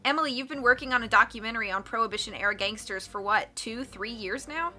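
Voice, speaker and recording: A woman's voice: on the high side, quick pace, bright, forceful tone. A woman reading the lines of an eager young man who loves old films, in her own voice. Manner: eager, explaining. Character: young adult male film buff.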